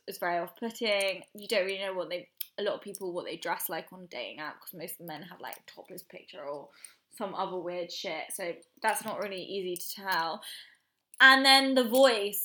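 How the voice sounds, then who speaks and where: A young woman, chatting candidly as a podcast co-host. Her voice is bright and tense, and she rambles through her stories in an easy, unguarded way. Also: medium pitch, normal speed. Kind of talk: casual chat.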